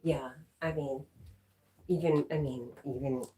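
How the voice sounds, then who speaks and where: A woman's voice: rumbling low, fairly even intonation, unhurried, dark tone. A middle-aged woman hosting a casual livestream, chatting and answering viewer comments with giggly asides. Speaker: livestream host.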